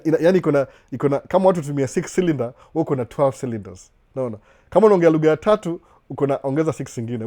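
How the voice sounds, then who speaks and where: A man's voice: medium pitch, darkish tone. A man from Kenya with a Kenyan accent, chatting casually in a live Q&A from his home den, often restarting words and checking in with his listeners. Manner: chatty, repeats and restarts, asks "unaona?". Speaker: live-stream host. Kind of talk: casual live Q&A chat, code-switching. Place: indoor home den with a couch.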